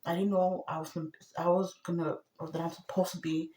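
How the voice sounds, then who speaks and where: A woman talking to the camera in a rambling personal monologue, agitated, going from a low murmur to loud outbursts. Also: level tone, a little fast, reverberant.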